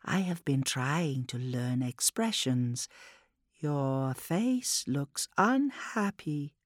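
A man voicing an eerie childlike warp entity that speaks through a boy, in a faint, slow, innocent whisper. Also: medium pitch, lively intonation, no echo, clean studio sound, voice pushed up. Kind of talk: audiobook character voice.

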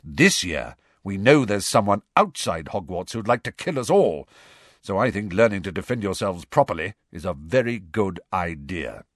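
A brisk, frank adult wizard with a wry, impatient streak, as a man reads him in an audiobook. The voice sits low but swings widely in pitch. It is recorded dry and close. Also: sing-song, no room sound. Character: adult male wizard, wry, bold, fond godfather. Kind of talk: audiobook character voice.

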